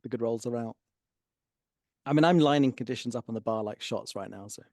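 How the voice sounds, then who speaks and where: A man's voice: medium pitch, brisk, darkish tone, no room sound, studio quality. A man playing a tabletop role-playing game, joking and laughing often. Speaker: player. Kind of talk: casual game table chat.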